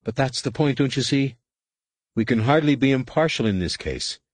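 A man's voice: mid-range voice, animated, moderate pace, no room sound, voice pushed up, lightly acted. A man voicing an earnest young male Jedi who argues in a reasoning way.

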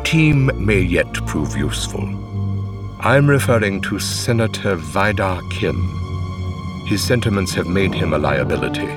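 A man voicing a cold, scheming male alien Sith master in measured, menacing tones. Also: deep voice, expressive, music in the background.

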